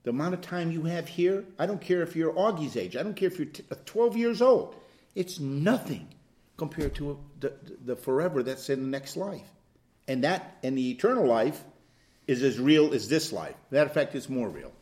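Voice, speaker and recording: A man's voice: on the high side, normal speed. A man leading an informal Bible study, teaching animatedly and acting out little scenes of dialogue. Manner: animated, plays out quoted dialogue with swings from loud to hushed.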